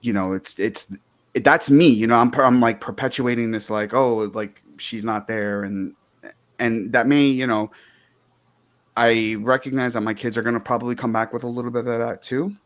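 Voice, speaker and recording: A man in his thirties co-hosting a podcast, talking in a halting way as he searches for words in a heartfelt, casual conversation. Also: mid-range voice, fairly even intonation. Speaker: podcast co-host.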